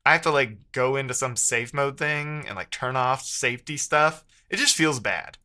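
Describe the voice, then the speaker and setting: Guy live-coding on stream, talks to himself a lot, bright voice. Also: medium pitch, normal speed. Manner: muttering self-talk with playful asides. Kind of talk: thinking aloud while coding, chatting with viewers.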